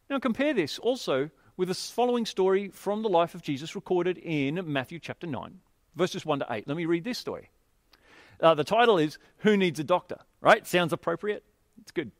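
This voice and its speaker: A man delivering a sermon, slightly higher-pitched than most, with a very lively, animated voice that rises and falls as he tells the story. His delivery is expressive and emphatic. The recording sounds dry and close. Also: no room sound. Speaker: preacher. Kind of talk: sermon with scripture reading.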